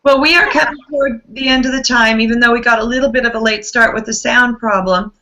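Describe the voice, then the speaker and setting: A tired woman with a gravelly voice, effusively hosting an online book club chat over a video call. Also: fairly high pitch, steady tone, fast, slight background noise, poor audio. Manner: warm, effusive, chatty.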